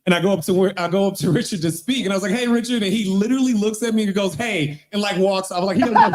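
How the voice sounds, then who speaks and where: Guy with a high voice rambling thru a roast story at an open mic, laughs at himself, swears a lot. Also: fast, a little mellow. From not from Wyoming. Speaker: podcast co-host roasting a guest.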